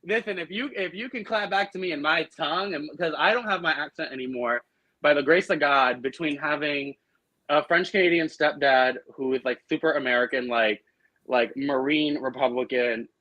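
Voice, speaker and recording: A man with a Boston accent, chatting casually as a podcast guest and telling animated stories full of fillers. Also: fairly high pitch, no room sound, rough recording. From Argentina. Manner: animated, quick storytelling with lots of fillers. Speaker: drag performer guest.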